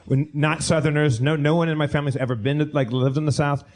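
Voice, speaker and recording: A man's voice: fairly high pitch, fairly even intonation, fast, darkish tone. A man telling a long rambling anecdote on a live comedy podcast stage, with many restarts. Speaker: podcast regular telling a story. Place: live theater stage with audience.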